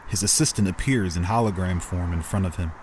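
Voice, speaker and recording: A man serving as game master, narrating a tabletop role-playing story in a steady storytelling manner. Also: deep voice, a little fast, a little hiss or hum. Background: background music.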